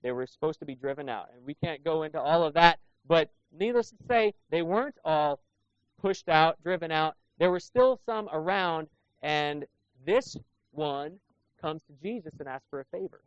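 A man's voice: on the high side, moderate pace, clear, resonant tone, dry recording. A man preaching a sermon as pastor, talking conversationally and asking the congregation rhetorical questions. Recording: dull lo-fi sound.

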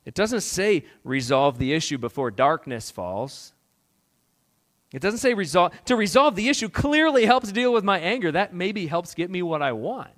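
A man's voice: high-pitched, sing-song, moderate pace. Man preaching with big dynamic swings. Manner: dramatic swings between loud urgent questions and quiet prayerful near-whispers. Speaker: pastor. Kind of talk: sermon.

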